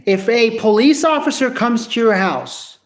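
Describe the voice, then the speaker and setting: High-voiced man ranting, profane and rambling. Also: expressive, a little slow. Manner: rambling, profane, many restarts. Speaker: vlogger. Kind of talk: casual vlog rant to camera. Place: at home.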